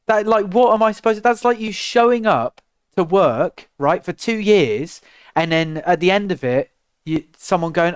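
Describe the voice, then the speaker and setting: A young English man, a musician on a livestream, ranting to his chat in an exasperated, animated way with lots of rhetorical questions. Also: fairly high pitch, a little slow, clean tone, dry recording, clean studio sound. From England. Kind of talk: casual rant to stream chat.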